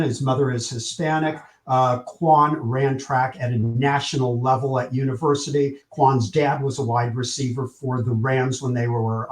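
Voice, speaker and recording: A man guest on an interview show, telling a story with energy. He acts out the quoted lines with lively shifts in tone, in a mid-range voice. The room gives his voice a noticeable echo. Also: medium pitch. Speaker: publicist, podcast guest.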